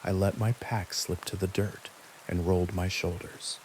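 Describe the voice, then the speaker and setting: A man reading a scary bedtime story aloud in a calm, steady storytelling manner. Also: deep voice, moderate pace, a little hiss or hum, rough recording. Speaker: narrator. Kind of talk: scripted horror narration for sleep.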